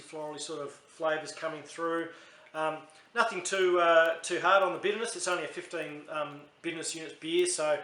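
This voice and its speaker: A man's voice: fairly high pitch, fairly bright tone, reverberant, a little hiss or hum. An Australian man reviewing a beer in a casual, chatty, rambling way, often correcting himself mid-sentence.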